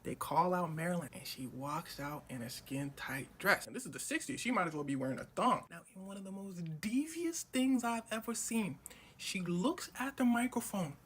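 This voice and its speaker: A man telling a history story for comedy, animated and slangy, with a conversational delivery. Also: high-pitched, normal speed, husky.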